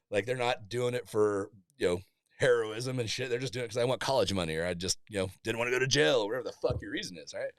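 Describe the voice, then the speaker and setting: A man's voice: on the low side, a bit bright, no room sound, studio quality. A man in his forties, a Navy master chief, telling blunt, profane stories in a casual podcast chat and laughing often. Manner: candid storytelling, swears freely, laughs often.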